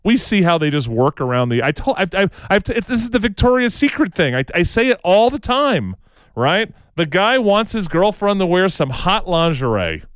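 Smooth-voiced man telling rambling stories. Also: high voice, big pitch swings, normal speed, fairly bright tone, no room sound. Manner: tags sentences with "right?", frequent restarts; slips into impressions of people he quotes. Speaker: talk show co-host. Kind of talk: rambling opinionated storytelling.

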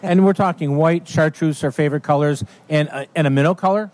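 A man's voice: fairly high pitch, a little fast, darkish tone. Joking male outdoors radio host. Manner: joking, brief prompting questions. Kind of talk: casual radio interview.

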